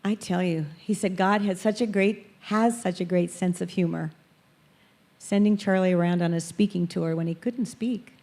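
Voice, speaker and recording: A woman speaking at a church, telling lively personal stories and acting out the people she quotes. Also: fairly low pitch, normal speed. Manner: animated storyteller, acts out quoted voices. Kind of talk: storytelling testimony talk.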